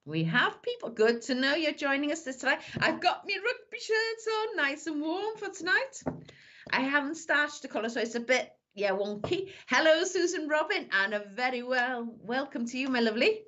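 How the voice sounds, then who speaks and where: A woman with a slightly high voice, chatting warmly with viewers as a psychic medium, calling each one "my lovely". Her live stream sound is dull and lo-fi, and her talk is loose and chatty. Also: animated, moderate pace. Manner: chatty, calls everyone "my lovely". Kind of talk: live-stream greetings and reading.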